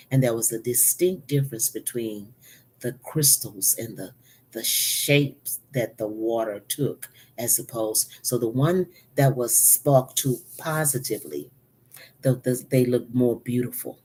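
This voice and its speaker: Low, mellow woman preaching earnestly. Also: unhurried, slight background noise. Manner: earnest, repeats phrases for emphasis, some laughs and stammers. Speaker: pastor. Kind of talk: sermon.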